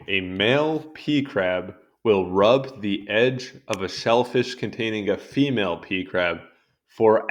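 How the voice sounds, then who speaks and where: A young man reading an encyclopedia article aloud and going off on amused, rambling asides in casual commentary. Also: on the low side. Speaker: video host reading a wiki article. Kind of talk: casual read-along commentary.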